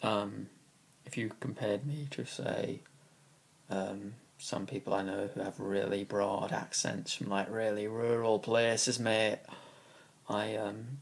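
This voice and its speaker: A young male vlogger from Kingston upon Thames, England, with a southeast English accent, works through a question tag with dry, sarcastic, rambling answers. His fairly low voice is gravelly and slightly rough, level in tone, and he takes his time.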